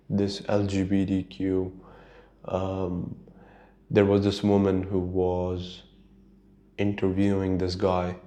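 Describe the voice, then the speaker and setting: A man's voice: low voice, dark tone. A man hosting his own podcast, talking alone in a rambling, profane, casual way and laughing at his own stories. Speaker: podcast host. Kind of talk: casual solo monologue.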